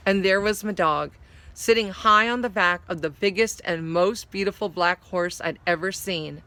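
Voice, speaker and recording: A woman's voice: lowish voice, fairly bright tone, clean tone. A woman reading a story aloud, now and then explaining a word. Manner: explains hard words while reading. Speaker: story reader.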